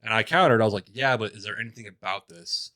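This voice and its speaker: A man's voice: lowish voice, fast, pushed and bright, dry recording. A young man co-hosting a podcast, telling stories in a rambling, hesitant way. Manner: rambling, hesitant, many fillers and restarts. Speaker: podcast co-host. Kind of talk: casual chat.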